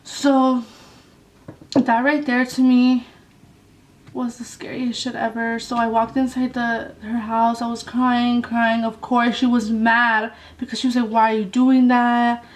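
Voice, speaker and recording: A woman's voice: a little high, little pitch movement, a little slow, recorded from a distance, low-quality recording. A young woman telling a story on her vlog in a blunt, casual way, swearing a lot and saying "like" often. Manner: blunt, heavy swearing, lots of "like". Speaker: vlogger.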